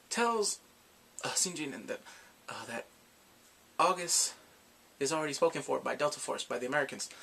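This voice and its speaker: A man casually recapping drama episodes in a rambling, excitable way, gasping and laughing as he goes. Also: fairly high pitch, creaky, husky. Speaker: drama reviewer.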